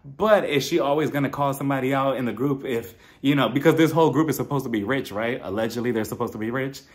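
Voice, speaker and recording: A man casually recapping a reality show reunion, animated and laughing often as he mimics the cast's lines. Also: mid-range voice. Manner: animated, acts out cast members' lines in mimicking voices. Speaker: reality TV reviewer.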